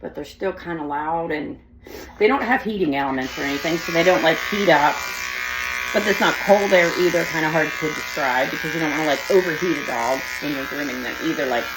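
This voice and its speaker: A dog groomer with a deep voice talks a little fast as she vlogs casually, switching to baby talk for the dog. Electric clippers buzz behind her, making the recording very noisy.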